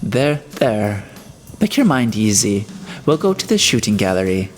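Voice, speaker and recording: A man's voice: on the low side, sing-song, a little slow, a little hiss or hum. A man voicing a menacing, mocking middle-aged schemer in a storybook reading, familiar and cajoling.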